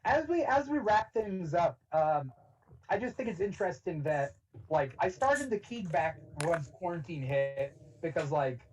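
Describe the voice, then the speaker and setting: A man's voice: a little high, a little slow, recorded from a distance, soft background music, low-quality recording. A man hosting a podcast, chatting casually and saying "like" a lot. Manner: relaxed, lots of "like". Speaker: podcast host. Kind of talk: casual chat.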